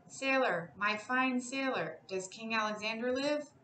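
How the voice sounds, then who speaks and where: A woman doing a slow, lilting sea Gorgon. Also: fairly high pitch, a bit bright, recorded from a distance, slight background noise. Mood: gentle. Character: immortal female sea Gorgon, regal and sweet-voiced. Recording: roomy, a bit off-mic.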